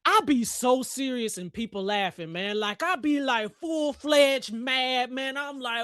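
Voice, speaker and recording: High-pitched guy doing live trading commentary, joking around, talking to the chart, dry sound. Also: measured pace, few pauses, sharp tone, smooth, dry recording. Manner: joking, talks back to the chart, lots of "man" and "y'all". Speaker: livestream host and futures trader.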